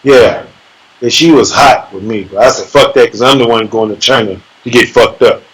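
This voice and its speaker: A man, an MMA fighter guest in an interview, telling a sparring story in a casual, profane, animated way and acting out voices and sound effects. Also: medium pitch, normal speed, husky, low-quality recording.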